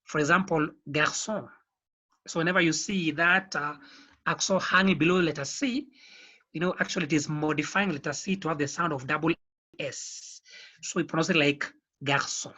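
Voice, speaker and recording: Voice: medium pitch, steady tone, quick pace, bright, forceful tone, muffled recording. A teacher leading an online beginners' French lesson, explaining patiently and repeating the key points. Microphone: video call.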